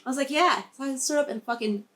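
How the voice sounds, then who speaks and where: A young woman with a high voice tells a story on a casual podcast. She is blunt and swears freely, and she acts out what each person said. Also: rapid-fire. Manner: blunt, swears a lot, animated retelling. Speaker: podcast co-host, dancer.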